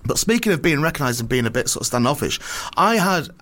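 A man spins a story in casual chat, words tumbling out quickly. His pitch leaps around a lot, and he stumbles and restarts as he goes. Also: very animated, fairly bright tone. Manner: rambling, self-interrupting storyteller with lots of restarts. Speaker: comedian and podcast co-host. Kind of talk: casual chat, anecdote telling.

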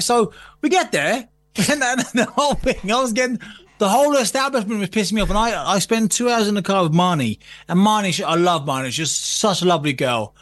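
A man's voice: high voice, fairly bright tone. A man telling a story in casual chat, swearing and laughing as he goes. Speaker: guest.

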